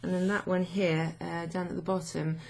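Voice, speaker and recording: A woman language teacher explaining grammar to her students in an unhurried way, thinking aloud with many fillers. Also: on the low side, level tone, gravelly, darkish tone.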